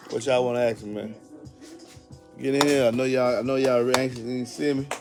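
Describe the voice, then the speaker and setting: Excitable man hosting a livestream. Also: medium pitch, normal speed, over music. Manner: loud and excitable, laughs often, slangy. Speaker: host of a car audio livestream. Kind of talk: casual livestream chat.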